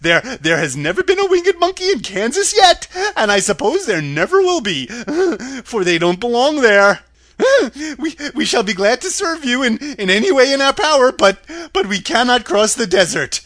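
A man voicing an excitable male winged monkey king who stammers and giggles in a high squeal. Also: moderate pace, full character voice. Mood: giggly.

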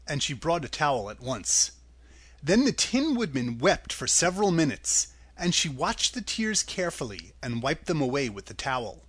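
A man reading a children's classic aloud as an expressive audiobook narrator. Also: fairly high pitch, moderate pace, slightly rough, no room sound. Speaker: audiobook reader.

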